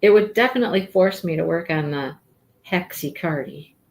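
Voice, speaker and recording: A woman's voice: normal speed, creaky. A woman hosting a crochet livestream, chatting casually and rambling as she works her stitches. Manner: chatty, rambling, talks to her cat in a high baby voice.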